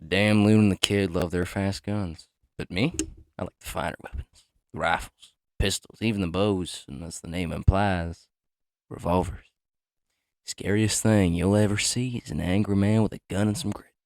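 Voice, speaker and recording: A man voicing a gritty male cowboy gunslinger in a put-on Southern accent, speaking slowly and dramatically. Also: sits low, fairly even intonation, darkish tone, no echo. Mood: menacing.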